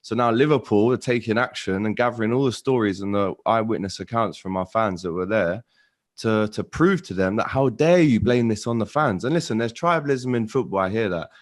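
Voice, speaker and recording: A man's voice: lowish voice, fairly quick. A man from London giving a heated, ranting take as a guest in a casual chat.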